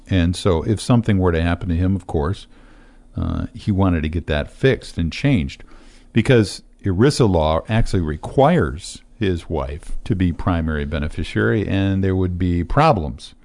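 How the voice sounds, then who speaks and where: A middle-aged financial advisor explains estate matters during a casual talk-show conversation. He speaks steadily at a normal speed, his voice sitting low, with frequent fillers.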